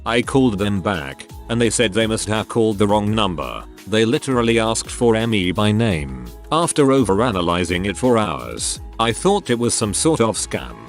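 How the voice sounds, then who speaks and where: A man narrates online stories in a scripted, storytelling read. His voice sits on the low side yet moves around a lot in pitch. Faint music plays underneath. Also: sing-song, normal speed, hardly any pauses.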